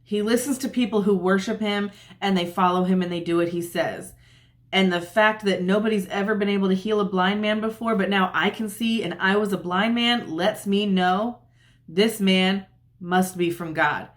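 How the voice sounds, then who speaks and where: A woman's voice: mid-range voice, fairly even intonation, moderate pace, lightly acted. A formerly blind man speaks with weary insistence, exasperated at being questioned over and over, put on by a woman telling the story. He stays plain and direct, saying only what he knows.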